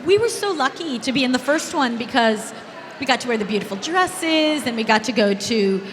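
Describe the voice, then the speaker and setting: A woman on a convention panel, telling playful stories in an animated, laughing way. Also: on the high side, a little fast. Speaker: panel guest. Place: large convention hall. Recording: echoey hall with background noise.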